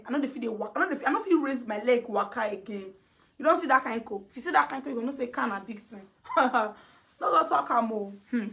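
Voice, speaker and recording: Nigerian woman, casual gossip vlog, higher voice, bright tone, chatty. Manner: chatty, laughs often, mimics others. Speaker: vlogger.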